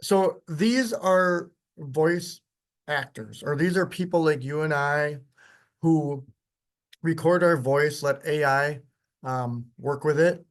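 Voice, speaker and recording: A man teaching a workshop, walking through software in a casual, chatty way with frequent ums. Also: fairly high pitch, slow. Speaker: workshop instructor. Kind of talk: live software demonstration lecture.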